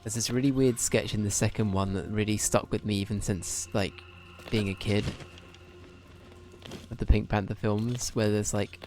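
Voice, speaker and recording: A man's voice: on the low side, fairly even intonation, normal speed, a little mellow. A man streaming a video game, chatting casually in a rambling way and swearing now and then. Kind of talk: casual livestream commentary.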